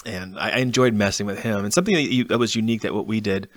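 Guy hosting a chatty talk, tells stories with energy, lowish voice, dry sound. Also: rapid-fire, no room sound. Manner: lively storyteller recounting a race. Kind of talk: casual conversation.

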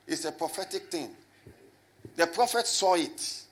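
Animated man preaching a sermon. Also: moderate pace. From Ghana. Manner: animated, rising to shouts and dropping low, with call and response. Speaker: pastor.

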